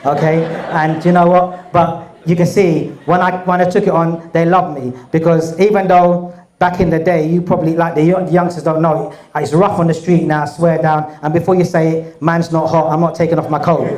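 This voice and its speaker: The recording sounds roomy as a man from England, who has a cold, spins a rambling, chatty tale for an audience as a guest speaker. His tone is darkish and his delivery flat at normal speed, though he lifts his pitch when acting out other people's voices.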